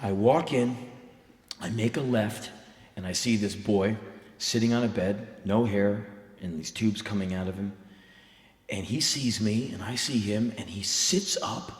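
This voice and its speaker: American man in his thirties, live spoken word storytelling, intense and blunt, lowish voice, echoey hall recording. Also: a little slow. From United States. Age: 30s. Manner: intense, emphatic, blunt with swearing. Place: live stage in a concert venue.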